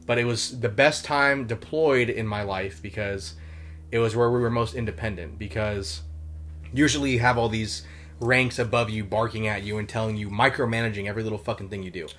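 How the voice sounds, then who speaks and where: A man's voice: lowish voice, steady tone, a little fast, a bit bright, slight background noise. A young man and former Marine, chatting casually as a podcast guest, rambling through stories with lots of fillers and swearing. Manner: swears a lot, rambling storytelling with many fillers.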